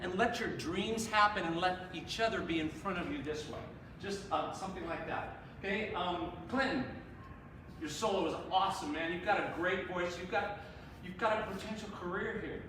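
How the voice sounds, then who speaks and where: A fairly high-voiced man gives lively, encouraging feedback to a group of singers, laughing now and then. He is heard from a distance in a very echoey hall, with steady background noise. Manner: encouraging, animated, laughs often. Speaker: performance adjudicator. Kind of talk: live feedback to performers. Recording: echoey room, far from the mic, noisy.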